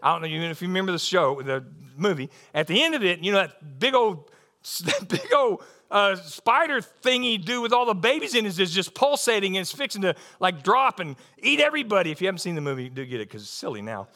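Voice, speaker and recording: A high-pitched, slightly fast voice belongs to a middle-aged man giving a sermon. He spins it like a folksy, animated story that climbs into bursts of excitement.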